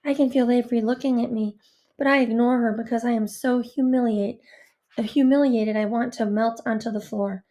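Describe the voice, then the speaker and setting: A woman narrating a first-person audiobook with a high, light voice. Her delivery is earnest and introspective, with an anxious edge. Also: fairly even intonation, moderate pace, warm tone.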